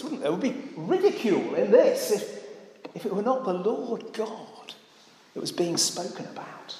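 Preaching a sermon in an echoey church hall, a man speaks earnestly and often puts rhetorical questions to the congregation. His voice sits high with big pitch swings, a darkish tone, and normal speed.

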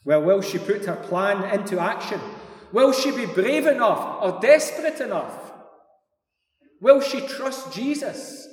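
A male pastor delivering a sermon, telling the story slowly and dramatically with many rhetorical questions. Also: sits high, lively intonation. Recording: echoey hall from far off.

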